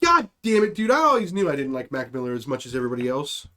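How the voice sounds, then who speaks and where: A man's voice: mid-range voice, huge pitch swings, fast, bright, forceful tone. A young man co-hosting a comedy podcast, riffing in casual chat and acting out silly bits. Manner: riffing, acts out silly bits with put-on voices. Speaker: podcast co-host.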